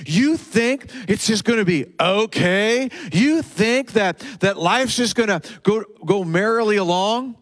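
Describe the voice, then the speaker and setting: A man's voice: sits high, expressive, unhurried, hardly any pauses, voice pushed up. A man voicing a mocking male accuser who taunts and jeers in a raised, sneering voice during a sermon. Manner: sneering, jeering, rising taunts.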